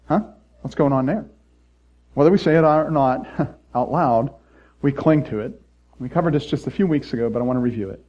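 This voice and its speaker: Male pastor preaching, middle-aged, mellow voice, playful, dull muffled sound. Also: mid-range voice, a little fast, pauses often. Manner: animated, playful, swings between loud mock voices and quiet earnest asides. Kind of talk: sermon.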